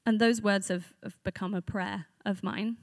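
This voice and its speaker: A woman's voice: medium pitch, steady tone, moderate pace, dry recording, studio quality. A woman giving a conversational sermon to a church group, earnest and reflective, speaking off the cuff.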